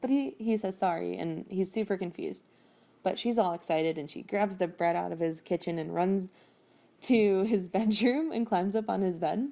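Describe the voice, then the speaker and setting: Brief: chatty woman podcast host, rambling recap, low and mellow. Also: vocal fry. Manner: chatty, rambling, with frequent fillers and laughs. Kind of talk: casual chat.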